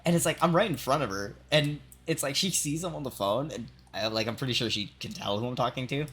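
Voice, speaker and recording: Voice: mid-range voice, fast talker, fairly bright tone, a little hiss or hum. A young adult game streamer telling a long work story while playing, swearing often, laughing, and filling with "like" and "right?". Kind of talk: casual rambling storytelling while gaming.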